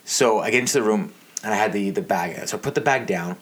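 A man telling a comedic story on a podcast, animated and exasperated, swearing often. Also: lowish voice, fast, breathy edge. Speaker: podcast co-host.

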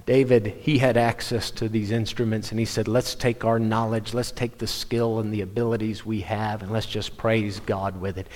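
A man preaching a sermon, telling stories animatedly with quick restarts. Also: fairly low pitch. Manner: animated storytelling, self-interrupting restarts. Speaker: pastor. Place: church sanctuary. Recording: long hall reverb.

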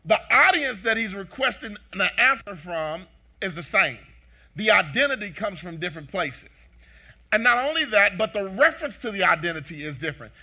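A man's voice: high voice, sing-song, moderate pace, pushed and bright. A male pastor preaching a sermon with fervent, repeated emphatic phrases, speaking straight to his congregation.

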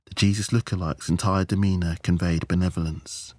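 A man reading a science fiction novella aloud in a measured storytelling manner. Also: sits low, steady tone, no room sound. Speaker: audiobook narrator. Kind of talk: scripted narration.

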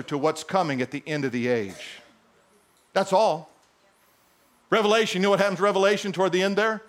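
A man's voice: high-pitched, brisk, pauses often, a bit bright. A man preaching a sermon, emphatic and repetitive, firing rhetorical questions at his listeners.

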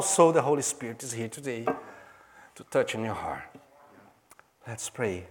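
A man from Brazil preaches a sermon in English with a Portuguese accent. His voice sits at an ordinary middle pitch. He tells his story earnestly, stopping now and then to search for the right word. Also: animated. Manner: earnest storytelling in halting, non-native English. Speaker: pastor.

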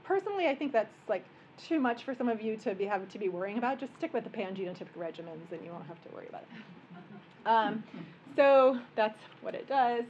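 Higher-voiced woman lecturing. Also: expressive, quick pace, darkish tone, muffled recording, slight background noise. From American Midwest. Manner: conversational and joking, explaining plainly. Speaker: physician lecturer. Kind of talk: medical workshop lecture. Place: conference room.

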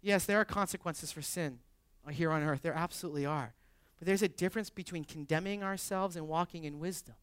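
A male pastor preaching a sermon, swinging from hushed, earnest stretches to loud, animated shouting. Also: fairly high pitch, brisk, smooth, no echo. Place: church sanctuary.

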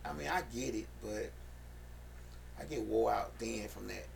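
A man's voice: lowish voice, measured pace, gravelly, a little hiss or hum. A man co-hosting a radio talk show, chatting casually in slang and joking through mock commercial plugs.

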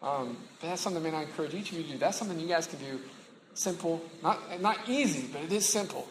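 A man's voice: on the high side, lively intonation, fast talker, reverberant, slight background noise, rough recording. A middle-aged man preaching in a casual, conversational way, with many fillers and restarts. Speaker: campus ministry pastor. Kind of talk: sermon.

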